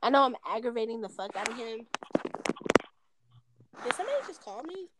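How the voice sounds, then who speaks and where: A woman's voice: a little high, very animated, a little fast, heavy background noise. A woman in her twenties talking on a phone call in a rambling, casual way, swearing often and filling with "like". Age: 20s.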